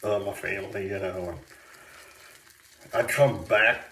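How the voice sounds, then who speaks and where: Slow, rambling man in echoey bathroom. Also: lowish voice, fairly even intonation, pushed and bright, a little hiss or hum. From Michigan, USA. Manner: meandering, many fillers and restarts. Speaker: shaving vlogger. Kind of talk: rambling casual chat. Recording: echoey bathroom, faint tap water.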